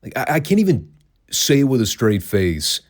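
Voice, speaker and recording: A man's voice: mid-range voice, big pitch swings, moderate pace. A man hosting a solo podcast, talking in a wry, sarcastic, conversational way. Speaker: wrestling podcast host. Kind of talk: casual commentary, solo podcast.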